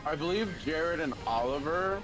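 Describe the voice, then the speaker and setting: A man's voice: a little high, lively intonation, moderate pace, over music, poor audio. A man on a game stream telling a rambling story, with casual swearing.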